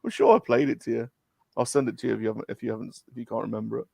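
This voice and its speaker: A man's voice: mid-range voice, steady tone, racing, creaky, warm tone, husky, no echo, studio quality. A man chatting as a show guest, rambling and repeating himself. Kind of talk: casual chat.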